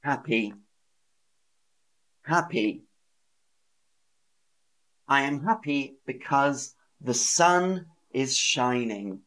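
A man teaching English on a live stream, repeating words slowly and acting out feelings with sighs and gasps for learners. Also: medium pitch, expressive, a bit bright. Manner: slow, exaggerated, repeats words and sentences for learners.

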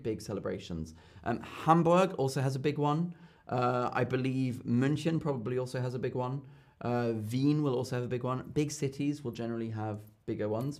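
A man's voice: medium pitch, a little mellow. A young man hosting a casual live-stream lesson, chatty, with many fillers and repeated key phrases. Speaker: German tutor hosting a live Q&A.

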